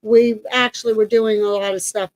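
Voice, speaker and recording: A woman's voice: medium pitch, flat delivery, moderate pace, rough recording. A woman co-hosting a paranormal team's channel, chatting casually and rambling with many fillers as she shares team news and event plans. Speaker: paranormal team member and co-host. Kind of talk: casual announcement chat.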